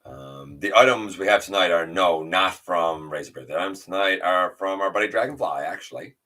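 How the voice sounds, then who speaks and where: A livestream host chats loosely, greeting viewers by name and reading their comments aloud, rambling with fillers and restarts. His low voice is bright and forceful, and he talks a little fast.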